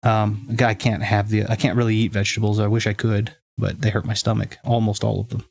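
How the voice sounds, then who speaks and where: This let's play streamer, who has a fairly neutral American accent, talks briskly in a low, slightly mellow voice with vocal fry and a flat delivery. While gaming, he chats loosely with his audience, wandering off topic and revising what he says.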